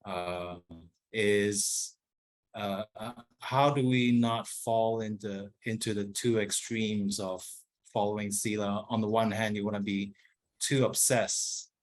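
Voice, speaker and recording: A man with a fairly low voice puts a question to a teacher at a dharma Q&A. He speaks hesitantly, with many ums, uhs and restarts as he feels his way toward his point. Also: a little slow. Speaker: student asking a question.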